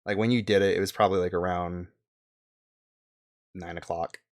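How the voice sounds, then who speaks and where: A man narrating as game master, halting with many fillers and swears. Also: low-pitched, fairly even intonation.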